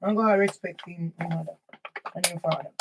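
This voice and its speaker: A Jamaican woman from Jamaica talking in a casual vlog monologue, repeating phrases like a chant and at times shouting. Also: fairly low pitch, steady tone, a little fast, slight background noise. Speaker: channel host.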